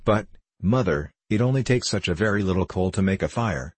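A man's voice: low-pitched, lively intonation, fairly quick, breathy edge, dry recording. A man voicing an earnest storybook girl. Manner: earnest, pleading. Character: eager devoted elder girl, quick to disdain.

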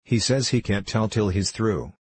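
A man's voice: fairly low pitch, moderate pace, husky, no room sound. A man reading the part of an eager, bookish twelve-year-old boy in a storybook. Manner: eager, impatient.

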